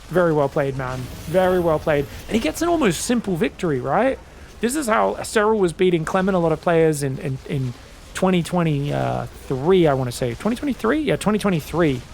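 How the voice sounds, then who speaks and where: A man commentating a strategy game solo, quick excitable play-by-play with casual asides to his viewers. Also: fairly high pitch, vocal fry, slight background noise. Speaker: esports caster.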